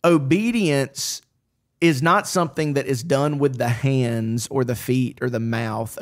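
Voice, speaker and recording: A man, a pastor, talking through faith in a casual podcast chat, earnest and animated, often restarting his sentences. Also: mid-range voice.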